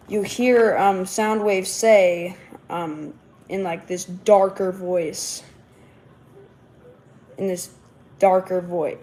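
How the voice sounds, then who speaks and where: A woman's voice: fairly low pitch, a little mellow, slight background noise. A woman hosting a casual livestream, rambling along with lots of fillers and false starts. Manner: rambling, many fillers and restarts. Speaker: livestream host.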